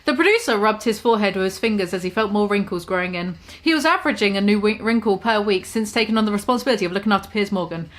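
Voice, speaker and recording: A woman reads her own comic story aloud at a middle pitch, in an easy, casual delivery. She trips over words now and then and mocks her own writing as she goes. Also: lively intonation, rapid-fire, hardly any pauses, a bit bright. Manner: stumbling, self-deprecating, laughs at her own writing.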